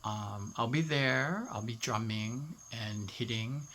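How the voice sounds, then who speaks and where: A man with a Hawaiian Pidgin accent talking casually to his viewers. He is animated, then drops to a soft, emotional tone. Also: medium pitch, slow pace, slight background noise. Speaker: vlogger.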